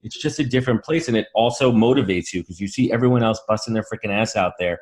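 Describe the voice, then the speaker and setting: A man's voice: on the low side, fast, a little mellow. A man, a podcast guest telling brash, swearing stories in a casual interview. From New York.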